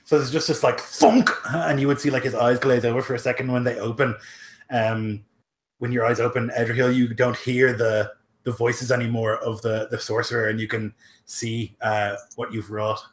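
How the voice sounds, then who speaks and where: Man, game master, rambling descriptive narration, medium pitch, echoey room. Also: level tone, moderate pace. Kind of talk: narrating a fantasy tabletop game. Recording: roomy echo.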